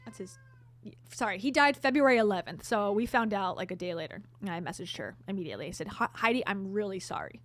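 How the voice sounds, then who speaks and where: A woman's voice: medium pitch, lively intonation, quick pace. A woman hosting her own vlog, telling a story to camera in a chatty, candid way with sarcastic asides. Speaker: vlogger host.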